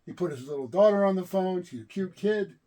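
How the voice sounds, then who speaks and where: A man's voice: high voice, expressive, a little fast, dark tone. A man co-hosting a podcast in casual banter, joking and indignantly denying things. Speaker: podcast co-host.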